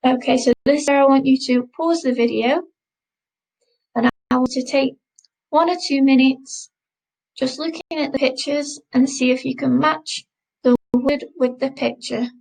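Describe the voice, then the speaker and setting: A woman teaching a recorded French lesson, modelling words slowly and repeating them for learners to copy. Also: high voice, fairly even intonation, vocal fry, a little mellow, low-quality recording. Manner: slow, careful pronunciation drills, repeating words.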